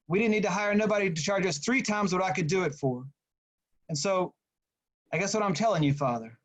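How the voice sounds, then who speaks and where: A man's voice: high voice, low-quality recording. A man reading aloud as a remorseful working-class husband at confession, talking in a folksy, rambling way.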